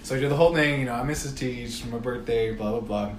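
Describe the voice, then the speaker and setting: A man's voice: medium pitch, fast talker, roomy sound, a little hiss or hum. A man telling a long story in casual chat, swearing freely and acting out both sides of phone calls. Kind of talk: casual storytelling among friends.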